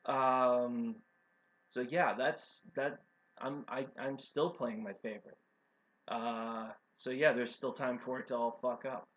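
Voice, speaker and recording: A man's voice: medium pitch, fairly even intonation, takes it slowly, fairly bright tone. A man co-hosting a casual chat, talking in an easygoing, enthusiastic way. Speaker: co-owner of a role-playing stream. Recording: dull lo-fi stream audio.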